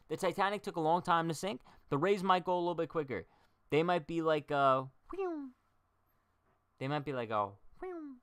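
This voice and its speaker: A man's voice: a little high, pushed and bright, clear, resonant tone, dry recording, clean studio sound. A young man hosting a casual baseball livestream, chatting and joking straight to his viewers. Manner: chatty, jokey, talks to chat directly.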